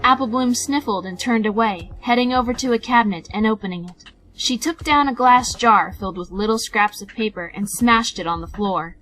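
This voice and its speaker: A woman reading a story aloud with an animated, expressive delivery. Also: fairly high pitch, moderate pace, faint music behind, poor audio. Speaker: fanfiction reader. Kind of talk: storybook narration.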